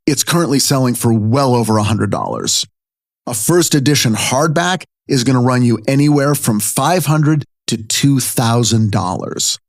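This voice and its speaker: A man's voice: medium pitch, no room sound, clean studio sound. A man in his fifties hosting a podcast, telling stories in a conversational way and talking straight to his listeners. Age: 50s. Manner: animated, conversational, addresses listeners directly. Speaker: podcast host. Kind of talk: storytelling narration.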